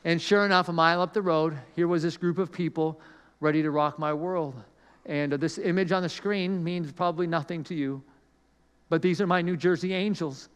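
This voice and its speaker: A man preaching through a personal story with a high, smooth, resonant voice. He talks conversationally and self-deprecatingly, slipping into the voices of people in his story. The sound carries the long reverb of a large hall. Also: steady tone, normal speed. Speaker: pastor. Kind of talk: storytelling sermon.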